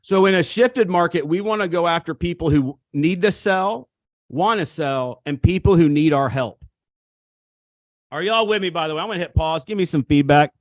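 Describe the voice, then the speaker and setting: Guy hyping up agents on a video call, kinda high voice, dry sound. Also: moderate pace, no echo. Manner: energetic, repetitive, pep-talk delivery. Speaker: real estate coach. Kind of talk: coaching seminar talk.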